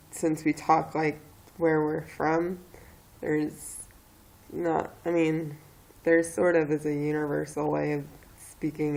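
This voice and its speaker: A woman's voice: low voice, gravelly, a little mellow, poor audio. A young woman from the Philadelphia area with a southeastern Pennsylvania accent, talking casually and hesitantly while she has a cold. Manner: hesitant, halting, with many fillers. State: has a cold, a bit stuffy. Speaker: vlogger. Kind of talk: casual accent-tag video.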